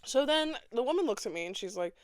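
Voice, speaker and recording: Young woman host, casual dramatic storyteller with sass, smooth voice, dry close sound. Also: on the high side, expressive, quick pace, no room sound. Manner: dramatic, sassy, acts out other people's lines. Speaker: podcast host.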